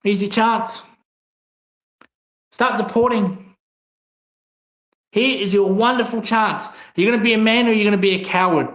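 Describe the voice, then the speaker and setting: In a high-pitched, slightly bright voice, an Australian man gives a blunt and angry opinion monologue as an online commentator, swearing often. He speaks at a moderate pace and pauses often. The recording sounds echoey and a little dull.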